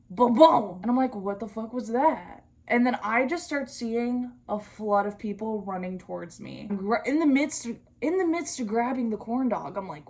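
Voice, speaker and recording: A woman's voice: on the high side, a little mellow. A young adult woman vlogging, chatting casually through a storytime while she does her skincare, slangy and profane with comic asides.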